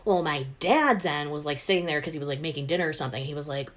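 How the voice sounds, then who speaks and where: A woman casually telling a funny childhood story, animated and playful as she acts out the voices. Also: fast talker. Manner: animated, acts out quoted voices with big jumps in pitch and loudness.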